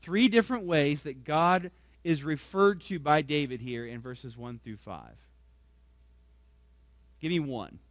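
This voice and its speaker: A male pastor preaching a sermon. He keeps asking the congregation questions, tags his points with "right?", and swings from soft, low asides to loud emphasis. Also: slow pace, long pauses, no room sound.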